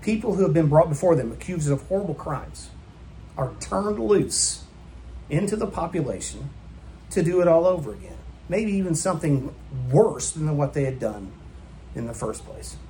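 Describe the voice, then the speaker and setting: A man's voice: on the high side, very animated, moderate pace, warm tone, a little hiss or hum. A man preaching a sermon in a church, emphatic and full of rhetorical questions put to the congregation. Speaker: pastor.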